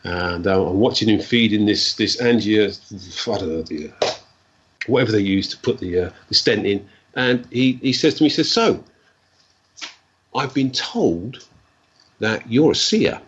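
A man, a guest telling stories in a rambling, animated way and acting out the dialogue. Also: lowish voice, normal speed, husky. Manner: rambling, animated storyteller who acts out dialogue. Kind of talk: casual storytelling. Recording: dull lo-fi recording.

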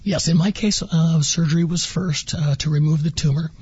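A man's voice: on the high side, steady tone, normal speed, darkish tone, slightly rough, no echo, dull audio. A man guest on a radio interview, earnestly recounting his experience and acting out quoted dialogue. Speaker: interview guest, former patient.

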